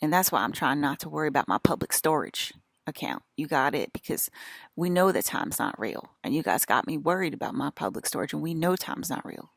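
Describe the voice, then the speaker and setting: A woman's voice: sits low, expressive, a little fast, gravelly, dry recording, clean studio sound. A woman with an American country accent, rambling in an agitated, profane and repetitive monologue as a vlogger.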